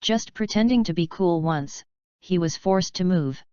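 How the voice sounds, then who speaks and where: A woman voicing a cocky, sharp-tongued male student who speaks in an offhand, mocking way. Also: on the low side, animated, measured pace, clean tone, no echo. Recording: dull lo-fi dry recording.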